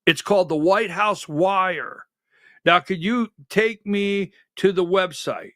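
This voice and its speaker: High-voiced guy hosting a political show, slow and sarcastic, dry room. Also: a bit bright, dry recording. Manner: sarcastic, emphatic, directs a producer. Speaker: political talk show host. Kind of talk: conservative political commentary.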